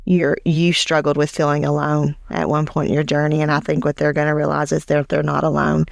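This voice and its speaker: A woman co-hosting a faith podcast, gently affirming her guest and reflecting on surrender. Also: sits low, flat delivery, a little fast, vocal fry, no echo, studio quality. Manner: gentle, affirming, tearful warmth in words. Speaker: podcast co-host.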